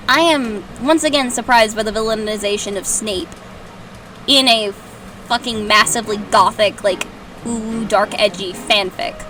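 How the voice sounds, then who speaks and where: A woman's voice: a little high, sharp tone. A young woman reading a fan story aloud and mocking it with sarcastic, swearing asides. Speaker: host reading fanfiction aloud. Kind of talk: comedic dramatic reading with commentary. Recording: distant mic, music behind.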